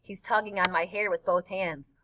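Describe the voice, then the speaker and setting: A woman narrating a novel in first person, in a lively storytelling manner. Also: fairly low pitch, normal speed, a little hiss or hum, low-quality recording. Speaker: audiobook narrator. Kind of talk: scripted narration.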